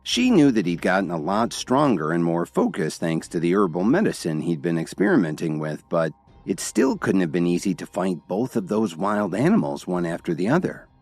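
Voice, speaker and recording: A man's voice: deep voice, big pitch swings, normal speed, a little mellow, slightly rough, dry recording, faint music behind. A man narrating a dramatic story in scripted style, voicing every character himself. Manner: dramatic storytelling, all voices by one reader.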